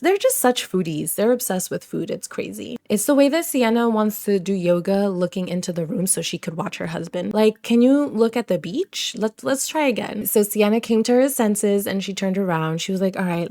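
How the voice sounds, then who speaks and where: Warm, gushing woman narrating a life-sim game. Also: mid-range voice, vocal fry, no echo, clean studio sound. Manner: gushing, chatty, voices the characters' thoughts. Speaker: let's play host. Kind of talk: casual gameplay commentary.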